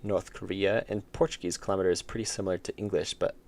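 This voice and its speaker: Low, gravelly male streamer, casual, mutters while coding, keys clacking. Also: steady tone, quick pace, darkish tone. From United States. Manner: thinks aloud, mumbles while working, chats with viewers. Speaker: game developer streamer.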